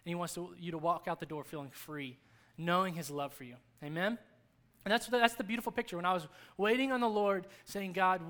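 A man's voice: high-pitched, a bit bright. A man in his thirties preaching a sermon at a church service, talking conversationally and earnestly, repeating key phrases for emphasis. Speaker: pastor.

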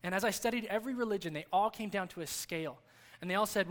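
A male pastor in his thirties with a notably high voice, delivering a sermon at church. His preaching is conversational yet earnest, and he leans on repetition to drive points home. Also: quick pace, a bit bright. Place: church service.

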